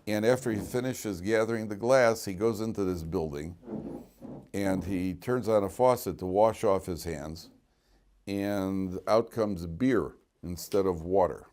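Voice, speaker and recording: Animated joking rabbi telling stories. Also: male voice, low-pitched, measured pace, a little hiss or hum. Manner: animated, joking storyteller who repeats words. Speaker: rabbi teaching a weekly class. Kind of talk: lively classroom storytelling.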